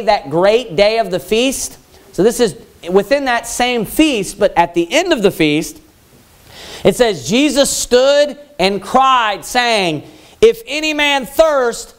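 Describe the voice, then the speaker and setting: A man preaching a Baptist sermon loudly and emphatically, repeating his points and rising to yelling. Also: sits high. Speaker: pastor.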